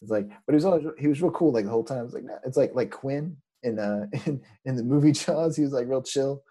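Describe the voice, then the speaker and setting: A man's voice: medium pitch, fast, warm tone, poor audio. A man in casual chat telling a rambling story, acting out what others said. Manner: rambling, many fillers and restarts, acts out quotes.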